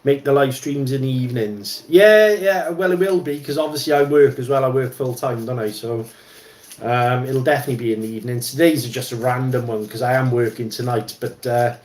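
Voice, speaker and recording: The host, mid-range and a bit quick with a slightly mellow tone, chats casually on a livestream while fixing an RC car at his workbench. His talk is rambling, full of ums and false starts, in a roomy-sounding space.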